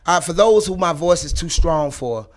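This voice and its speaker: A woman's voice: lowish voice, lively intonation, normal speed. A woman from Atlanta with a Southern accent, hosting a casual talk show in an outspoken, emphatic way with plenty of cursing. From Atlanta, USA. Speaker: host.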